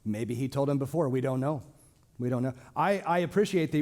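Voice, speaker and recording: A man teaching a small church Bible class in a casual, joking way, with lively asides to his listeners. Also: medium pitch, brisk. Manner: lively, joking, acts out quoted speech.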